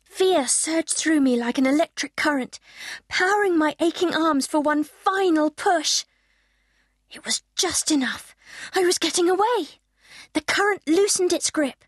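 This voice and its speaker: A woman's voice: very high-pitched, unhurried, no room sound, clean studio sound. A woman narrating a children's audiobook in the first person, telling it expressively.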